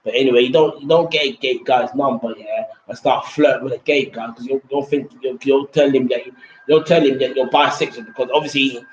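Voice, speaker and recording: A man's voice: mid-range voice, fairly even intonation, a little fast. A young man rambling casually about a trip. He repeats himself, keeps restarting sentences and swears casually. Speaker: vlogger reviewing a trip. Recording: roomy, dull lo-fi sound with faint background noise.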